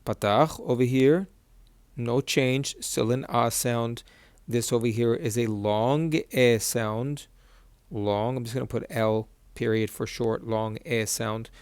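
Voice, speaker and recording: A man of ordinary pitch teaches a reading lesson, writing as he talks. He breaks each word into slow syllables and repeats them patiently. The sound is close and dry. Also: fairly even intonation, darkish tone, clean tone, no room sound. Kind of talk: whiteboard lesson.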